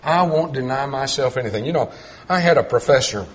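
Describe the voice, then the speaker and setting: A middle-aged man preaching a sermon, telling folksy stories and swinging between loud emphatic points and quiet low asides. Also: expressive, brisk. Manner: storytelling with folksy humor.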